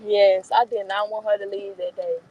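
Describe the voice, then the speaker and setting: A young woman in a casual interview, telling stories about a close friend in a lively, slangy way and laughing often. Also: medium pitch, moderate pace, rough recording.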